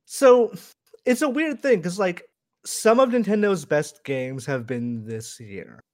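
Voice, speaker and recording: Higher-voiced man co-hosting gaming talk. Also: lively intonation, slow pace. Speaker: podcast co-host. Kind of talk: casual gaming news chat.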